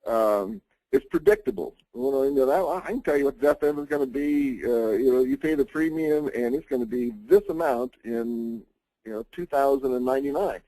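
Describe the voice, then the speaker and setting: Guy doing a webinar, chatty with lots of ums and restarts, warm low-key tone, dry close mic. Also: animated, fairly quick, no echo, poor audio. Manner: conversational, many fillers and restarts. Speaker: webinar presenter on insurance planning. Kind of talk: informal webinar lecture.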